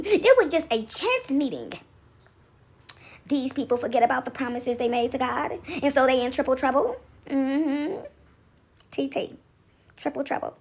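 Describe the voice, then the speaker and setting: A woman's voice: sits high, big pitch swings, moderate pace. An older woman talking casually about faith and acting out voices, playful and laughing often. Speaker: faith vlogger. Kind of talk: casual monologue, acting out God's voice.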